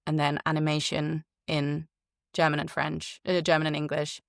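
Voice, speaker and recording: A woman's voice: deep voice, completely flat delivery, moderate pace, creaky, no echo, clean studio sound. A woman voice actor and coach giving frank, chatty advice in a podcast interview. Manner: chatty, frank, lots of fillers.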